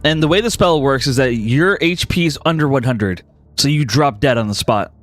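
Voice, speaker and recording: A man's voice: medium pitch, expressive, moderate pace. A man narrating as game master, guiding players through a tabletop role-playing session.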